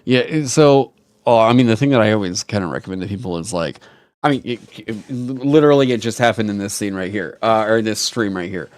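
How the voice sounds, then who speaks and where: A man hosting a casual live stream, talking in an animated, rambling way and swearing casually into a headset mic. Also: fairly low pitch, a little fast, no room sound, clean studio sound. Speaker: streamer host.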